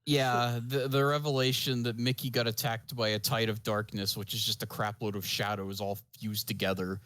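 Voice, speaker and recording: A man with a fairly low voice making dry, wry comments in a casual podcast chat. The recording is close and dry, with no room sound. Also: level tone, moderate pace, a bit bright, no echo. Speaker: podcast co-host.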